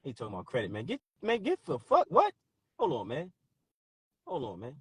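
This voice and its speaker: A man hosting a talk stream with callers, speaking in a profane, forceful, preachy way. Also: medium pitch, huge pitch swings, a little fast, breathy edge, no echo, clean studio sound. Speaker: host.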